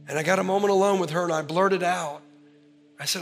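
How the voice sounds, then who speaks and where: A man preaching a sermon to a congregation, telling a story with animated delivery and then leading a prayer. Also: high voice, brisk, vocal fry. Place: church sanctuary. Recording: large hall reverb with faint music.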